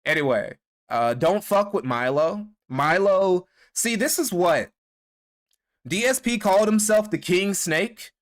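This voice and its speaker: A man's voice: high-pitched, animated, unhurried. A man giving casual, crude, gossipy livestream commentary, mocking people and laughing at his own jokes.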